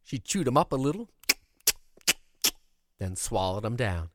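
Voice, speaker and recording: A man spins a folksy yarn, his pitch swooping high and low as he builds the tale. The sound is close and dry, with no room around it. His voice sits in a middle register. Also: unhurried, no echo. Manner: folksy, animated, expressive. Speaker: storyteller. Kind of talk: oral storytelling of a childhood tale.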